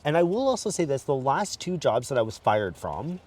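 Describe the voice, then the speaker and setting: A man's voice: fairly high pitch, brisk. A man as a guest, frankly telling his story while walking outdoors at night. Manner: animated and frank, acts out quotes. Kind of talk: candid personal storytelling. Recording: distant mic, faint outdoor noise.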